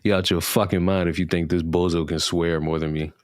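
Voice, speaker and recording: Man, deep voice, blunt, profane, joking, dry close mic. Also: level tone, fairly quick, no room sound. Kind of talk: casual commentary banter.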